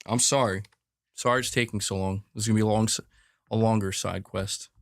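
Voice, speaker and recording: A man's voice: on the low side, fairly even intonation, brisk, gravelly, no room sound, clean studio sound. A man hosting a gaming news show in casual chat, rambling, exasperated and jokey.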